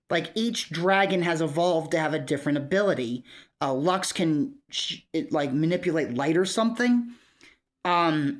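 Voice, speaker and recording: A woman chatting through a casual vlog commentary. Her voice sits a little low, and she rambles along with frequent fillers and small chuckles. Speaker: video creator.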